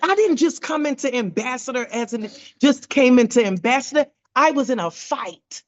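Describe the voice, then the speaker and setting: A woman telling an animated testimony on a video call, acting out quoted voices with big jumps in pitch. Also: normal speed, lo-fi sound. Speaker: team member sharing a testimony.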